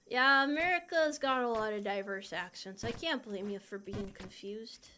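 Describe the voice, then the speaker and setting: Here the young VTuber streamer has a medium-pitched voice and talks at a moderate pace with hardly any pauses. Background noise runs under her casual gameplay chatter as she playfully reads and responds to viewers.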